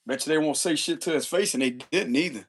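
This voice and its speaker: A man's voice: on the high side, quick pace, breathy edge. A man giving a casual tarot reading in loose, profane, slangy chat, chuckling often. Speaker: tarot reader.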